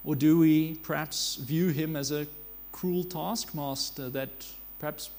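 A man with a high, light voice preaches an earnest sermon, asking rhetorical questions and stopping now and then to correct a word. A low mains hum sits under the recording. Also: fairly even intonation, takes it slowly, darkish tone.

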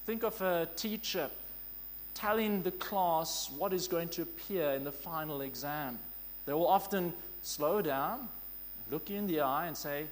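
A man preaching with a notably high voice. He speaks earnestly and with emphasis, and he slows right down to stress the phrases that matter. A faint hum runs under the sermon. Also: fairly bright tone.

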